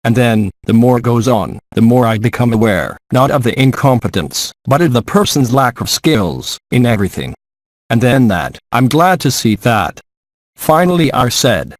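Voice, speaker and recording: A man reading an English voice-over translation of a spiritual gathering in a measured, steady way, close to the mic. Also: mid-range voice, dry recording.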